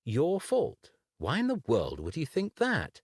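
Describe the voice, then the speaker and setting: A man doing a probing gentleman magician. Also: fairly high pitch, wildly swooping pitch, measured pace, no room sound, clean studio sound, voice pushed up, exaggerated voice. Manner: crisp, probing questions. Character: composed, inquisitive gentleman magician.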